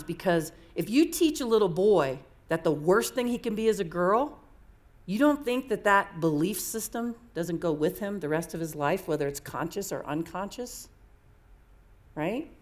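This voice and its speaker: A woman's voice: medium pitch, expressive, normal speed. A woman speaker telling personal stories to an audience in a candid, conversational way, often repeating herself. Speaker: coaching speaker. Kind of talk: storytelling talk to an audience.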